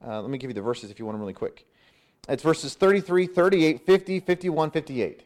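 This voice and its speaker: A man delivers a sermon in a high, light voice, lively and conversational. He slips into quick acted-out voices, with a casual "hey" that keeps the teaching informal. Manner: animated, acts out crowd voices with "hey". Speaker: pastor.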